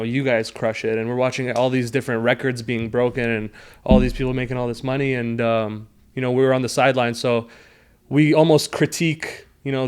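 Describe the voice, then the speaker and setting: A man as an interview guest, explaining things earnestly in a measured way about his team. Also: mid-range voice, clear, resonant tone. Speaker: guest, sales team leader. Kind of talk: casual interview chat.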